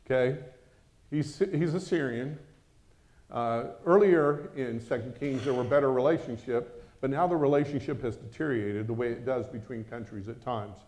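A man preaching a sermon in a lively, conversational way, often breaking in with exclamations. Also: medium pitch, moderate pace.

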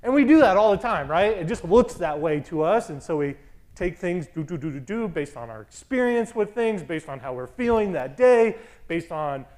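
A man delivers a casual, conversational sermon, telling stories with lively asides. His voice sits on the higher side. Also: moderate pace. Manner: conversational, animated storytelling with asides.

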